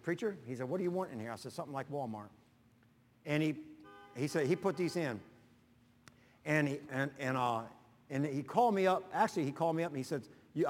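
A middle-aged male pastor preaching a sermon, telling a story folksily and acting out both sides of each conversation. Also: medium pitch. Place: church sanctuary. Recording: long reverb of a large hall.

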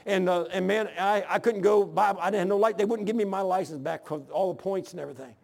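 An older man in his sixties preaching from the pulpit of a church, his voice sitting high for a man and grainy with gravel. He tells his own testimony in a folksy, earnest way with rough, plain grammar, moving between scripture and personal stories. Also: fast, a little mellow.

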